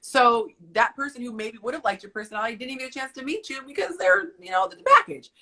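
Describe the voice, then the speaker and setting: A woman's voice: on the high side, animated, fast, sharp tone. A woman arguing her views emphatically in a casual live conversation. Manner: emphatic, opinionated. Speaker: guest on a live stream.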